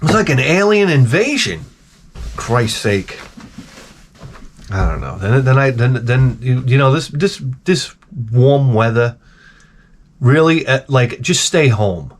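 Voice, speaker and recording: A man's voice: mid-range voice, sing-song, slow pace. A man telling comic stories to camera in a rambling, exasperated, profane rant full of restarts. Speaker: vlogger. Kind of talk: comedic storytelling rant.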